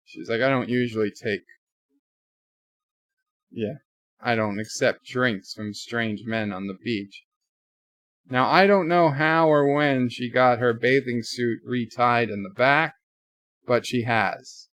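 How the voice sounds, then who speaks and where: A man's voice: medium pitch, takes it slowly, pauses often, a bit bright, no echo. A man giving a casual live reaction to a TV episode, retelling the plot with quoted lines and offhand asides. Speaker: show reviewer.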